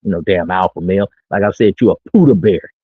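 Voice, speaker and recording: A middle-aged man talks fast in a low voice with a breathy edge, streaming dating talk from his small studio. His casual monologue is brash, boastful and full of street slang, and it sounds tinny and phone-like, without echo.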